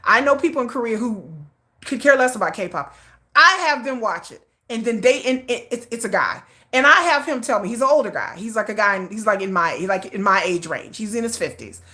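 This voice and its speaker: Bright-voiced rambling woman livestreaming. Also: a little high, fairly quick. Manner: rambling, repeats and restarts, animated. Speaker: livestream host. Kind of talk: casual livestream commentary.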